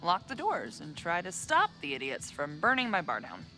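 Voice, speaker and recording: A dry, weary bar owner. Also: female voice, lowish voice, huge pitch swings, normal speed, over loud music. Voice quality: dry, sardonic. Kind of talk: video game dialogue.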